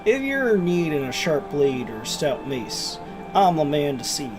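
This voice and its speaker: A man's voice: on the high side, very animated, a little slow, over music. A man voicing a grieving, gloomy village blacksmith with a wandering put-on Scottish brogue.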